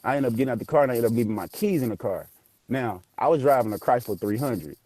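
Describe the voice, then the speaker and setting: A man tells a story with animated, profane energy and acts out each voice. His tone is mellow and warm, and the recording is dry and close. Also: mid-range voice, fast, no room sound. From Memphis area, US South. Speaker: guest telling a ghost story. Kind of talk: casual storytelling.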